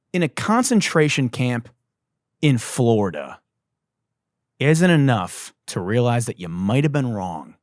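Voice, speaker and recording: A man hosting a satirical news show, ranting loudly and swearing, his voice going hoarse from yelling. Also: sing-song, a little slow, no room sound, studio quality. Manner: swings from loud yelling to low mutters, swears. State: losing his voice. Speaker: comedy news host.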